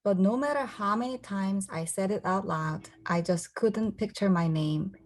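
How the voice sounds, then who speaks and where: A woman in her forties from South Korea, whose first language is Korean, reading aloud from her graphic memoir with casual asides and giving the characters higher voices. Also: normal speed. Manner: voices the characters with a raised pitch.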